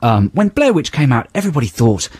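A man co-hosting a radio show in a studio, with a wry, deadpan way of talking. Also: mid-range voice, quick pace, slightly rough, no room sound. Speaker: radio presenter. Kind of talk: casual radio banter. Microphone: studio microphone.

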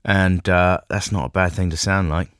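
A man co-hosts a casual radio chat, joking playfully in a low, steady voice that is clear, resonant, and a bit bright. He talks at a normal speed, and the recording is dry with clean studio sound.

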